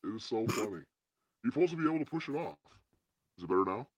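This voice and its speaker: A man talking through a voice changer set to a deep voice, baffled and joking about his own tech trouble. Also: sing-song, fast, husky, dry recording. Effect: voice changer set to a deep male voice. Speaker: podcast host.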